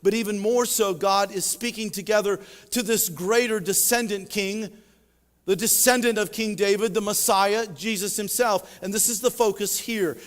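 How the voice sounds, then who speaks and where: A male pastor preaching a sermon, with emphatic swells and sudden quiet drops. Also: sits high, fairly even intonation, moderate pace, big-room sound. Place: church sanctuary.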